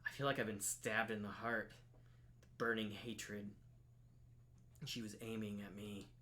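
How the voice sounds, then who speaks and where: A man casually reading and commenting on a story game while streaming, playful and quick to get excited. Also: lowish voice, a little hiss or hum.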